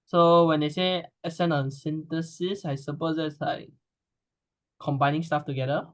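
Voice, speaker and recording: A student answering in an online class over a video call, tentative and full of fillers. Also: male voice, a little high, fairly even intonation, moderate pace.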